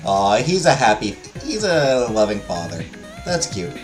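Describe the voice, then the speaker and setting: A woman's voice: very deep voice, sing-song, measured pace, music in the background. A woman casually commenting while playing a video game, joking and teasing. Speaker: gaming streamer. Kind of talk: casual let's-play commentary.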